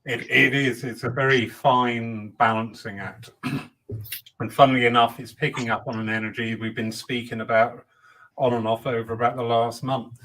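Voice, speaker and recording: A man's voice: mid-range voice, little pitch movement, moderate pace, pushed and bright, low-quality recording. A man hosting a casual panel discussion, chatty and given to acting out quoted voices. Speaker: host.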